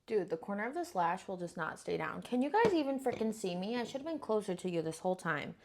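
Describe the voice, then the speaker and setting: A woman's voice: medium pitch, big pitch swings, fast, noisy background. Young woman vlogger, casual makeup chat, playful slang and fillers, self-deprecating. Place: home.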